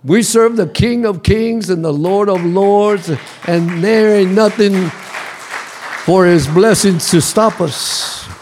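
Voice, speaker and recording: A male pastor preaching a sermon in a church, calling the congregation to repeat after him and building to shouts. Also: sits high, slow, a faint crowd, a little hiss or hum. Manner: call-and-response preaching, rising to shouts. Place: church sanctuary.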